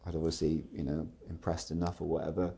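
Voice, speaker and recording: A man's voice: a bass voice, flat delivery, fast, gravelly, warm tone, husky. A man, a podcast guest telling chatty, rambling anecdotes. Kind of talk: casual storytelling.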